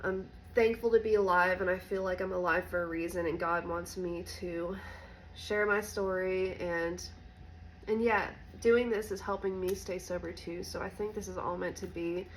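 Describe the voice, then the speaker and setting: A woman vlogger telling a personal story in a candid, halting, soft-spoken way. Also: lowish voice, steady tone, slight background noise, low-quality recording. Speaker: recovery vlogger.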